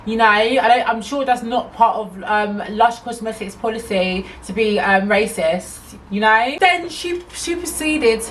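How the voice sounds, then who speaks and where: A woman telling a story to her camera, her voice bright and fairly high as she chats on in an animated, indignant way. She sits a little back from the mic, with a faint hum of noise in the room. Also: measured pace, hardly any pauses, far from the mic, rough recording. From England. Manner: animated, chatty, indignant retelling. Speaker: vlogger. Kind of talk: storytime vlog.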